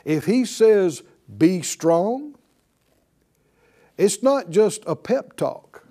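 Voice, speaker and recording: A man's voice: sits high, very animated, very slow, mellow. A man preaching a sermon to a class in a conversational way, calling on them to repeat after him. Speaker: pastor teaching a class.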